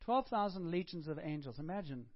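A man preaching a sermon, dropping to a hush and then rising to emphatic, acted-out quotes. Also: a little high, animated, fairly quick, no room sound. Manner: swings between hushed and emphatic, acts out quotes. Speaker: pastor. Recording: muffled dull recording.

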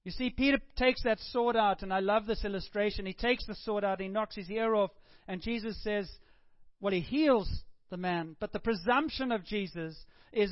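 Guy preaching, high voice, muffled dull recording, gets quiet then punchy. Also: normal speed, no echo. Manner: swings between hushed and emphatic, acts out quotes. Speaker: pastor. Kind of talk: sermon.

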